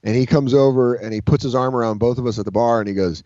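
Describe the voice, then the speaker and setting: Talking fast in a medium-pitched voice, a male comedian guest spins rambling, profane stories for an interview, voicing other people's lines with gusto. The video call audio is dull and lo-fi, with no room sound.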